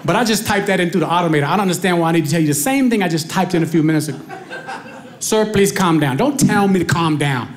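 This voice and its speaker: A man performing stand-up comedy, telling an animated story to the crowd on a club stage. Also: on the high side, racing, hardly any pauses, slight background noise.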